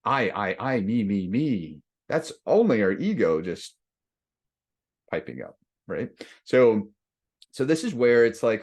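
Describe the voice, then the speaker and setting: A male leadership coach with a low voice talks through a workshop lesson. He is loose and conversational, restarting his sentences and acting out the griping voice in people's heads. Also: big pitch swings, slow, long pauses, a little mellow. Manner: conversational, acts out inner voices with many restarts.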